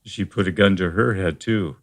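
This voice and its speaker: Male therapist guest, very low voice, measured explainer, lots of "uh" and restarts. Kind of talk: conversational interview.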